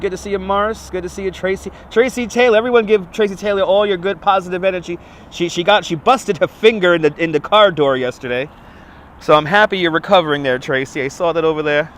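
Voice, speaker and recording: A man's voice: a little high, a bit bright. A man hosting a live walking stream from a phone on a gimbal, greeting viewers by name in a chatty, upbeat way, his nose a bit stuffy. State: slightly stuffy nose, voice may crack. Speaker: livestream host. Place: outdoors on a city street. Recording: faint street and traffic noise.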